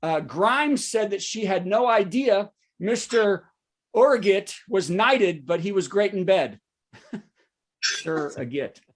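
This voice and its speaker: A man, a comedian hosting a virtual show with a topical news monologue and quick asides to the audience. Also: high-pitched, expressive. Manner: joking asides, checks in with the audience. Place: home setup for a virtual show.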